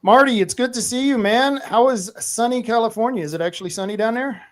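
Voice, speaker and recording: A rowdy male podcast host with a noticeably high voice, ranting and joking with his guests. He sounds a bit tipsy, loud and loose, and playful in his banter. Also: a little fast. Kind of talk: rowdy political talk show banter.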